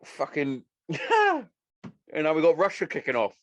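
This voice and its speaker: A man's voice: fairly high pitch, a little slow, no echo. A man hosting a podcast, swearing freely as he tells stories in casual chat. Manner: sweary, animated storytelling. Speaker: podcast host.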